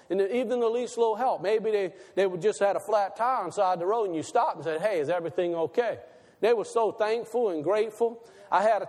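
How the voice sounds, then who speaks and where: A man preaching a sermon, asking his listeners questions and slowing down to stress key words. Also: sits high, a little mellow, in a large hall. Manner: asks the audience questions, slows for emphasis.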